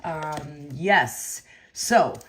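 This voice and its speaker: A woman hosting a card break, chatting casually and rambling between pulls, with excited outbursts. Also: deep voice, drawn-out words, slight background noise. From California. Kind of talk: casual live-stream chat while opening cards.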